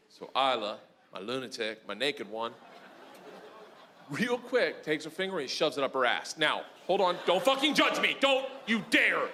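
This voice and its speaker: Comic, male: high-pitched, swooping delivery, loud and crude storyteller, live stage in a noisy room. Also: normal speed. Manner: loud, animated, profane storytelling. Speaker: stand-up comedian. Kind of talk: stand-up comedy set. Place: comedy stage before a live audience.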